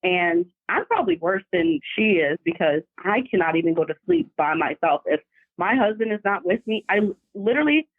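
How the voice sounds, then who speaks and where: Brief: animated woman caller telling a story down a thin, tinny phone line. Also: medium pitch, brisk, no room sound. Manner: animated, vivid retelling. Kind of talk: casual storytelling. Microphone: phone call.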